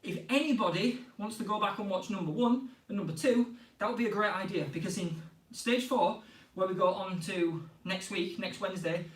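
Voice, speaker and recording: A man coaching a live online football skills class. He is out of breath, counts reps out loud and cheers the players on. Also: high-pitched, moderate pace, hardly any pauses, roomy sound, distant mic, low-quality recording. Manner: energetic, counts reps aloud and cheers students on.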